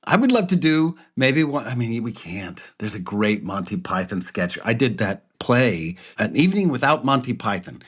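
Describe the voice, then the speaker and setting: A man co-hosting a podcast in casual chat, animated and theatrical, laughing often. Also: medium pitch, breathy edge. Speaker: podcast co-host.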